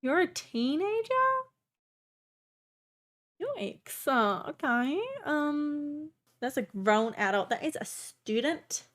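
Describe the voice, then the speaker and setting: A young adult woman streamer giving casual, excitable gameplay commentary, chatty and swearing often. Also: high-pitched, slow.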